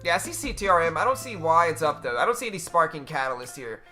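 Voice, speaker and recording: A man talks loosely to his live-stream chat about the market in a bright, forward voice that sits a little high. He drops casual slang like bro and dude. Faint music plays underneath. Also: lively intonation, fast. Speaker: livestream trading host.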